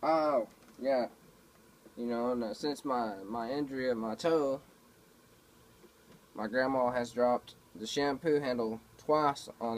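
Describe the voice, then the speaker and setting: A man's voice: medium pitch, low-quality recording. A man talking casually to a camera at home, telling rambling everyday stories with lots of fillers and swearing. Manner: laid-back, profane, storytelling with many fillers. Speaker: vlogger. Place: home, indoors.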